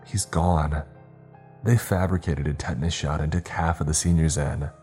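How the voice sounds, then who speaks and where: A man's voice: very deep voice, steady tone, normal speed, a little mellow, faint music behind. A man playing a scornful, exasperated teenage boy who talks bluntly and curtly in an audiobook. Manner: scoffing, curt.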